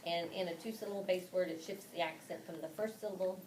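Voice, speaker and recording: A woman's voice: fairly low pitch, fairly even intonation, fast, a little mellow. Lady going over suffixes with teachers, patient, asks lots of questions, roomy echo. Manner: patient, questioning, walks through steps. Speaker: teacher trainer. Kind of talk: demonstrating a phonics lesson to teachers. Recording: echoey room from far off, background noise.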